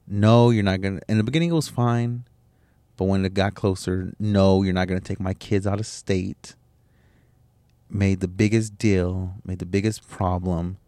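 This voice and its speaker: A man's voice: deep voice, mellow, no room sound. A man hosting a podcast, telling a personal story in a candid, emotional way, swearing and restarting his sentences. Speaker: podcast host.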